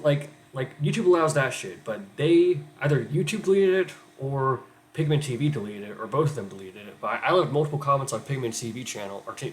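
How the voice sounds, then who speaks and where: A man's voice: mid-range voice, rough recording. Man in a middle register, heated, profane rant. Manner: heated, profane, repetitive "okay?". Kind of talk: angry rant.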